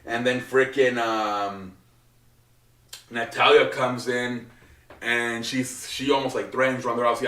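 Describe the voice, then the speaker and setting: A man's voice: medium pitch, fairly even intonation, unhurried, a bit bright. Man, casual host, filler-heavy, swears freely, echoey room. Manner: rambling, lots of filler words and swearing. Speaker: wrestling show recap host. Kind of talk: casual unscripted recap. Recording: roomy echo, distant from mic.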